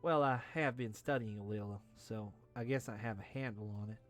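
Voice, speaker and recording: A man's voice: lowish voice, a little fast, faint music behind, voice pushed down, lightly acted. A man voicing an easygoing, slightly dim male traveler in a folksy, drawling way.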